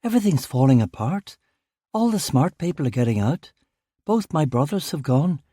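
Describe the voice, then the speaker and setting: Worried young mother, high and urgent, read by a male narrator in a dry, close audiobook. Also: very animated, normal speed, warm tone, breathy edge, no room sound, heavily acted. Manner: urgent, pleading. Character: anxious young mother pleading to emigrate.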